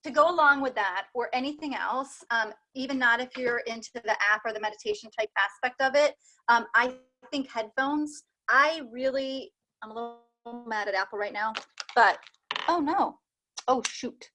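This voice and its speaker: A woman's voice: a little high, normal speed, sharp tone, poor audio. A woman doula chatting casually over a video call, talking with lots of fillers. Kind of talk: casual group chat.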